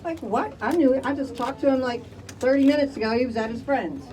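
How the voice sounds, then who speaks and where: A woman's voice: high voice, fast talker, dark tone, recorded from a distance, poor audio. An older woman from Chicago, speaking emphatically to a crowd at an outdoor community rally. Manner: emphatic, rallies the crowd with "all right?". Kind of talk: impassioned public testimony.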